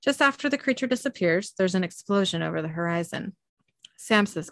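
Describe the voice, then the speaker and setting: A woman's voice: mid-range voice, animated, fairly quick, fairly bright tone, no room sound. A young woman hosting a podcast, casually reading an episode recap aloud with frequent ums. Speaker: podcast host.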